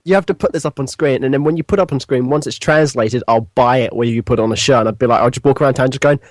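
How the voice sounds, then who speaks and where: A man's voice: mid-range voice, fast talker, no room sound. A British man chatting as a podcast guest, rambling and laughing at his own stumbles over words. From Britain. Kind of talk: casual chat.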